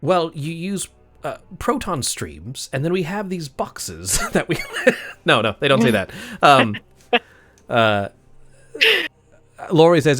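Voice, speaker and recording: A man narrating as game master of a tabletop game, relaxed and often laughing, with many uhs. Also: fairly high pitch, slow, long pauses, faint music behind.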